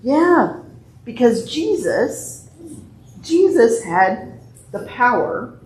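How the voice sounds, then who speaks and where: A woman leading worship, reading scripture and then telling a lively, playful children's message full of exclamations. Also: fairly high pitch, drawn-out words, a little hiss or hum. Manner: animated, playful storytelling with exclamations. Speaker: church leader giving a children's message. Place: church sanctuary. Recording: echoey church sanctuary.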